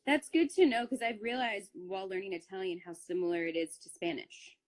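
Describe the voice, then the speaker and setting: A woman's voice: mid-range voice, expressive, brisk. A woman chatting casually on a phone live stream, reading out fan questions, giggly and full of "like". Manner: giggly, lots of "like".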